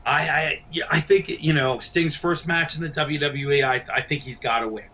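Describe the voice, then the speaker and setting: A man's voice: a little high, fairly even intonation, normal speed, pushed and bright. A middle-aged man, a wrestling broadcaster, chatting eagerly as a guest with stammering restarts from his home den. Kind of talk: casual interview chat. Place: small home man cave. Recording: dull lo-fi sound, faint noise.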